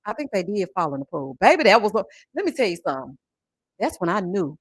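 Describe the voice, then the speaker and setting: A woman, chatting on a livestream about reality TV and reading viewer messages in a sassy, animated way. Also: mid-range voice, quick pace, husky, no room sound, clean studio sound. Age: 40s. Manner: sassy, animated, calls viewers honey and child. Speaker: YouTube reality-TV reviewer. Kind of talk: casual livestream chat reading super chats.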